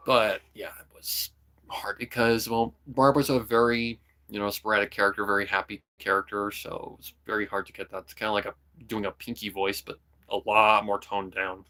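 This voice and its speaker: A young man streaming, chatting casually and rambling about voicing characters, often breaking into quick voice demos. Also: fairly low pitch, little pitch movement, sharp tone. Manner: rambling, full of "kinda" and "like", jumps into voice demos. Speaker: streamer and hobby voice actor. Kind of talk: casual livestream chat.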